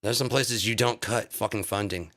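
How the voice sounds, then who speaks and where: A man's voice: lowish voice, normal speed, fairly bright tone. A man on a live stream delivering an angry, profane political rant full of insults.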